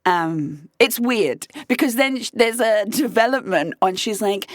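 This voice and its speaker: A woman's voice: mid-range voice, measured pace, few pauses, dry recording, clean studio sound. A woman hosting a podcast who tells a personal story in a candid, profane way and keeps breaking into laughter. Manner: animated, profane, laughing between lines. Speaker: podcast host.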